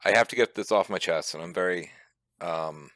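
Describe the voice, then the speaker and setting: A man's voice: low voice, moderate pace, a bit bright, dry recording, studio quality. A man co-hosting a podcast, ranting and joking with casual swearing. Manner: profane, joking rants. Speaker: podcast co-host. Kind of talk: casual chat.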